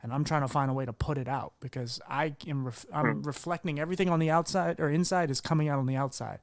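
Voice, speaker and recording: A man's voice: on the high side, fast, no room sound, studio quality. A man hosting a podcast interview, talking candidly in a rambling way with many restarts. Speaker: podcast host. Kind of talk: casual conversational interview.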